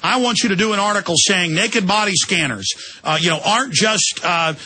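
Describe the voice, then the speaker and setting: A man's voice: high voice, fairly quick, bright, forceful tone, a little hiss or hum. A man hosting a talk radio show, speaking emphatically and in an agitated, rambling way. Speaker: radio host.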